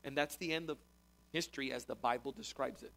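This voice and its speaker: A man's voice: mid-range voice, brisk, creaky, fairly bright tone. A man teaching a conversational sermon as a pastor, repeating words as he explains. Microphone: recorded talk to a congregation.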